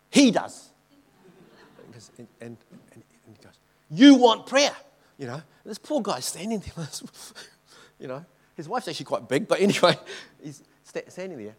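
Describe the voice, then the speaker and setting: A man's voice: on the high side, slightly rough. Chatty man telling a mission story. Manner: chatty, keeps checking in with the audience. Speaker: missionary speaker. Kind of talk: informal church talk with slides.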